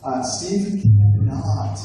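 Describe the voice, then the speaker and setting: A man's voice: a little high, sing-song, drawn-out words, warm tone, soft background music. A young man emceeing a live roast, reading a top-ten list with frequent hesitant fillers. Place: large echoey room at a live event. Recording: echoey room, far mic, noisy. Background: audience laughter.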